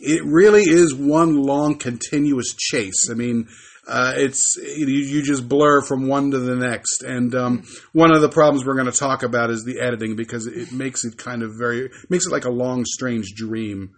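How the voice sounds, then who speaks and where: A man co-hosting a podcast, chatting about films in a relaxed, informative way. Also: medium pitch. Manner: relaxed, informative, with pauses and fillers. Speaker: podcast co-host. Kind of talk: casual chat about films.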